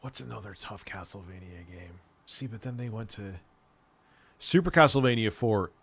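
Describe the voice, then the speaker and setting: A man's voice: lowish voice, moderate pace, vocal fry, fairly bright tone, a little hiss or hum. A man hosting a casual livestream, chatting with viewers in a rambling, enthusiastic way and swearing freely. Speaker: streamer host.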